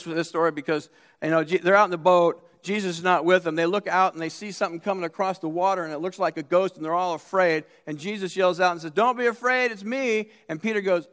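A pastor preaching a sermon in a church, his voice sitting fairly high for a man. He tells stories emphatically and acts out the characters' quotes, often restarting his sentences. The sound carries a long reverb from the hall. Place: church sanctuary.

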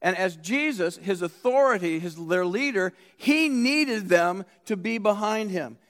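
A pastor preaching a sermon in a church, his voice sitting fairly high for a man. He tells stories emphatically and acts out the characters' quotes, often restarting his sentences. The sound carries a long reverb from the hall. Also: expressive, a little slow, fairly bright tone. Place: church sanctuary.

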